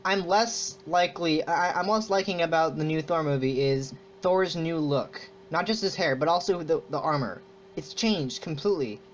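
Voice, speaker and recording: A man's voice: fairly high pitch, moderate pace, a little hiss or hum. A man hosting a casual podcast chat, rambling with many restarts. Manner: rambling, restarts often, mock-impressions of a cocky hero. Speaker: podcast host. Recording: muffled lo-fi recording.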